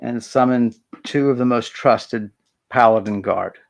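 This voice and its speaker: A man's voice: mid-range voice, unhurried, gravelly. A stern female leader gives firm orders in a fantasy tabletop game, as a man plays her. The voice sits in a middle range with no real disguise, and she sounds commanding and worried.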